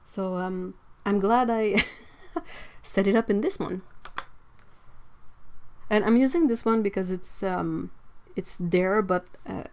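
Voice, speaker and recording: A woman hosting a relaxed painting livestream and chatting as she works. She reads out viewer comments and laughs easily, at a mid-range pitch. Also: takes it slowly. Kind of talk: casual chat while painting.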